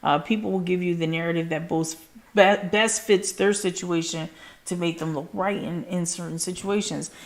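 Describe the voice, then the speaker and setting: A woman's voice: fairly low pitch, steady tone, moderate pace. A woman hosting a casual livestream chat, talking loosely with lots of "like" and swearing, and gushing thanks to her viewers. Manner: casual, frequent swearing and filler "like". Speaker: livestream host.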